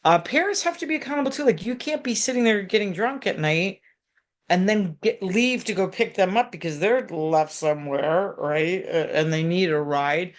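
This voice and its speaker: A middle-aged woman therapist talks through parenting advice in a loose, animated way. Her voice sits a little low, and she speaks with frequent asides and restarts. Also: normal speed. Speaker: therapist in private practice. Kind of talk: conversational advice talk. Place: local community TV program.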